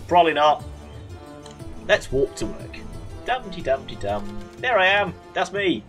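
A man's voice: fairly high pitch, big pitch swings, measured pace, a bit bright, soft background music. Rambling man narrating gameplay. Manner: rambling, self-deprecating, reads game text aloud. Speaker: gaming channel host. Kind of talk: casual let's play commentary.

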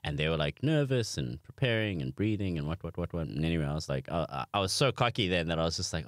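Talking fast in a low voice, a young South African guest with a matching accent tells animated, self-mocking tales on a comedy podcast. The audio is studio quality with no room sound.

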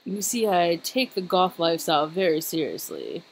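A woman's voice: fairly low pitch, huge pitch swings, moderate pace. A woman giving casual, giggly commentary while playing a video game, exclaiming and joking as she goes. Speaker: let's play host.

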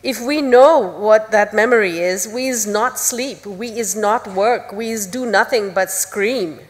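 A woman reading aloud as a forceful female leader who speaks in broken, blunt English. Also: mid-range voice, unhurried, close to an everyday voice. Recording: long reverb of a large hall.

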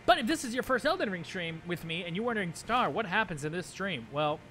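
Bright-voiced man rambling to his stream. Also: high voice, lively intonation, brisk, slight background noise. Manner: rambling, many fillers and restarts; talks directly to chat viewers. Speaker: live game streamer. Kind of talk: casual live stream chat while gaming. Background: game music.

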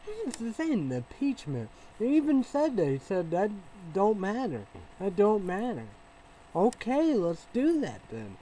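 A man rambles through a casual vlog monologue. He repeats himself and trails off into fillers, swinging between low mumbles and loud bursts. A faint hiss runs under his voice. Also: wildly swooping pitch, unhurried, rough recording. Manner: rambling, repetitive, with many fillers and restarts. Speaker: vlogger.

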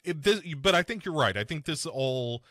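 A man hosting a podcast, chatting casually about a film and mimicking its characters with big swings in pitch. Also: very animated, normal speed, a bit bright, dry recording, clean studio sound. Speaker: podcast host. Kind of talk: casual chat reviewing a film.

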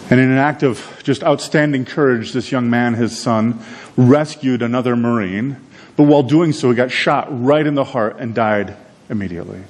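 A man preaching a sermon, telling a story in a conversational, animated way with frequent repeated words. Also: mid-range voice, normal speed. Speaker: pastor.

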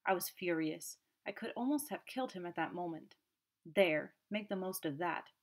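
A man's voice: high-pitched, animated. A woman voicing a haughty, hot-tempered young man who turns sullen and defiant. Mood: furious. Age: young adult. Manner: sullen, quick to flare up.

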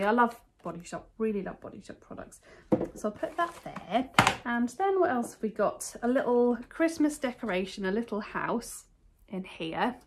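A woman's voice: a little high, sing-song, moderate pace, background noise. British woman, casual chatty vlog, enthusiastic, rambling, indoors at home. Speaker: vlogger showing a thrift haul. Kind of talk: casual chat to camera.

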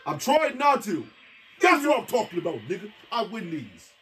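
Animated, trash-talking dad. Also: male voice, high-pitched, moderate pace, faint music behind. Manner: boastful, teasing, animated banter. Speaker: father and gamer hosting a family tournament. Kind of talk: casual trash-talk over gameplay.

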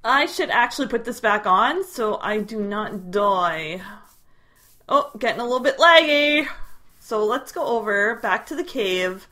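A woman's voice: fairly high pitch, animated, measured pace, sharp tone. A woman hosting a gameplay video, chatting casually to her viewers as she plays. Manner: chatty, talks to viewers while playing. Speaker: gaming video host.

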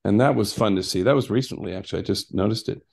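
An older man with a fairly low voice talks through his memories in a loose, rambling way. He restarts sentences often and drifts into asides as he gives his views as an interview guest. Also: fast talker, creaky, a little mellow. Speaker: guest, former actor and basketball coach. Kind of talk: casual interview storytelling.

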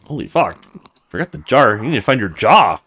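A man's voice: mid-range voice, big pitch swings, normal speed, a bit bright, breathy edge. A young man playing a video game, reading its lines aloud and swearing a lot. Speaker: let's player. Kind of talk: gaming commentary reading dialogue aloud.

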